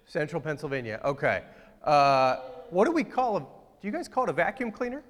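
A man's voice: on the high side, animated, brisk, long reverb tail. A pastor giving a conversational, joking sermon and asking his congregation questions. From outside Ohio, United States.

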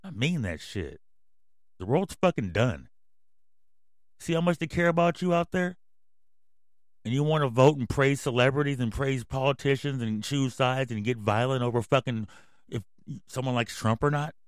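A man hosting a podcast, ranting angrily and yelling, with constant swearing. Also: mid-range voice, normal speed, no echo, clean studio sound. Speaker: podcast host. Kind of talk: profane ranting commentary.

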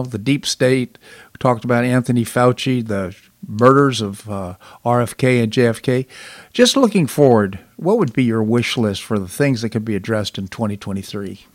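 A man's voice: medium pitch, dry recording. Dry-sounding male talk show host. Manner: measured, with hesitant fillers.

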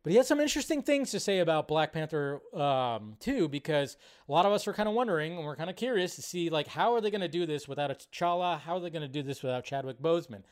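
Man, high-pitched, animated live movie-show host, casual ranter who swears and swings from loud to hushed. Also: quick pace, hardly any pauses, smooth. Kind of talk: casual live-stream rant.

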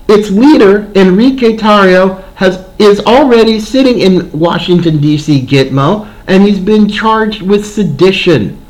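A man's voice: a little high, low-quality recording. A man hosting a political commentary show, talking in an indignant, sarcastic monologue. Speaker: podcast host.

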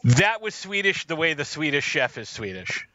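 A man's voice: a little high, very animated, moderate pace, dull audio, heavy background noise. A man co-hosting a film podcast, chatting casually and jokingly, rambling with many fillers. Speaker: podcast co-host. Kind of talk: casual film review chat.

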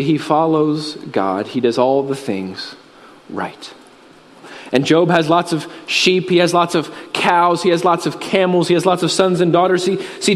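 A man with a high voice preaches in earnest storytelling fashion, letting his voice sink low and quiet at the solemn points. His words ring out with a long reverb, as in a large church hall. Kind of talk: sermon.

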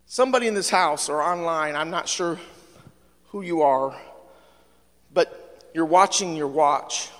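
A man preaching a sermon as pastor, in an animated style that swings from hushed to loud. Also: fairly high pitch, unhurried, pauses often, in a large hall. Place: church sanctuary.

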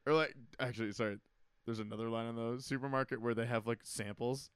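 A man's voice: medium pitch, steady tone, fast, clean tone, dry recording, studio quality. A young man, a stand-up comedian co-hosting a podcast, talking loosely with plenty of swearing and eager storytelling. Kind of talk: casual podcast chat.

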